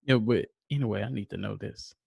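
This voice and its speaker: A man's voice: fairly low pitch, creaky, darkish tone, husky, no echo. A man hosting a podcast in casual chat, laughing often and putting questions to his co-hosts. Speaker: podcast host.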